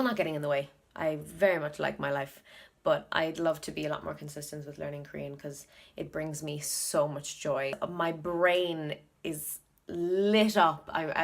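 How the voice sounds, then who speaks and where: A woman's voice: low voice, creaky. A woman with an Irish accent chatting casually in a study vlog, thinking aloud and repeating words to practise them. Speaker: video blogger learning Korean.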